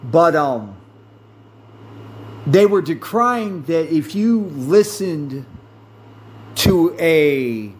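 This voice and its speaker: A man hosting a podcast, talking in a slow, rambling monologue with many fillers and self-corrections. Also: a little high, big pitch swings, darkish tone. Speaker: podcast host. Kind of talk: casual monologue.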